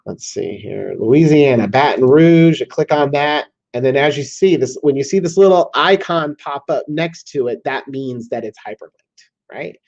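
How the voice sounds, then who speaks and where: Casual Southern man demoing software. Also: mid-range voice, moderate pace, creaky. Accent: American Southern. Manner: casual, repeats "okay?" to check in. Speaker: software demo presenter. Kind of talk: screen-share tutorial walkthrough. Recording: slightly dull lo-fi audio.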